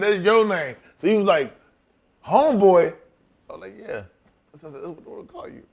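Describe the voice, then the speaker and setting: A middle-aged man and former wrestler telling a profane, animated story in a shoot interview, laughing as he goes. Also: fairly high pitch.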